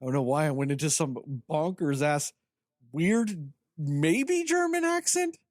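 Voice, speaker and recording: A man's voice: fairly high pitch, unhurried, dry recording, clean studio sound. A man co-hosting a podcast, ranting about a film in casual chat, sarcastic and full of swearing. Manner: animated, profane, sarcastic. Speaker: podcast co-host. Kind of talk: casual movie review chat.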